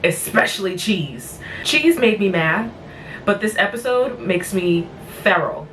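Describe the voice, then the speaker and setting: A woman's voice: mid-range voice, lively intonation, measured pace, a bit bright. Woman vlog host, worn out, blunt and chatty, mic a bit distant, faint hiss. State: tired. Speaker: vlog host reviewing cartoon episodes. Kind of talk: casual rambling recap.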